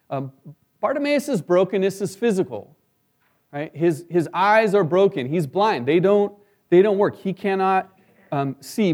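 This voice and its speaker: A man with a high voice delivers a sermon in an easygoing, conversational way. He keeps turning to his listeners with quick "right?" asides as he explains. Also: a little mellow. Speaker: pastor.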